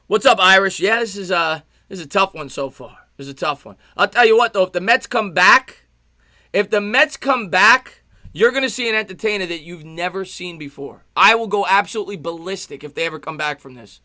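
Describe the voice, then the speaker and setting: Host type: fired-up New guy, high, piercing voice, dry close mic, live play-by-play. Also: lively intonation, dry recording. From New York. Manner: loud, passionate, fast-talking. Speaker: livestream sports host. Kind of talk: live play-by-play and chat reaction.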